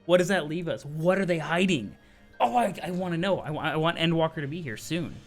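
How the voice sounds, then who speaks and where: A man giving casual, excitable commentary on game news, chatty and full of slang and quick restarts. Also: a little high, soft background music. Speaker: gaming video creator.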